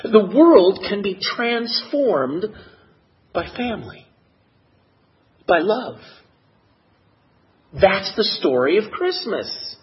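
A man preaching a sermon in an expressive, measured way that builds to emotional emphasis. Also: high voice, husky, highs cut off. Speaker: pastor.

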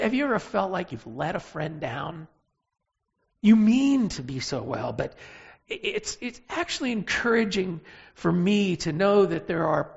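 A preacher giving a sermon, telling a Bible story with emphatic, animated delivery and pauses. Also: medium pitch, creaky, slightly rough, lo-fi sound.

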